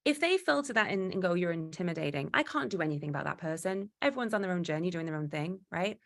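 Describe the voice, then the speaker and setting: A woman giving a motivational talk, animated and acting out quoted exchanges, with frequent restarts. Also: fairly low pitch, fast. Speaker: guest speaker.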